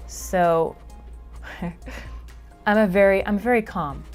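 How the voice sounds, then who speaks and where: A woman's voice: mid-range voice, takes it slowly, faint music behind. A woman from Canada, a guest being interviewed, explaining casually and animatedly, often laughing and acting out her own reactions. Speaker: guest emotions teacher.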